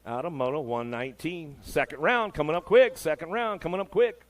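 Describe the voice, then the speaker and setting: A man's voice: a little high, brisk. A man announcing a race with live play-by-play commentary, in a hyped, laid-back patter full of slang.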